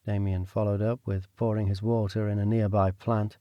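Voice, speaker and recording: A man with a fairly low pitch reads audiobook narration from a script at a moderate pace, keeping his storytelling steady and even. It's a studio-quality recording without any room sound.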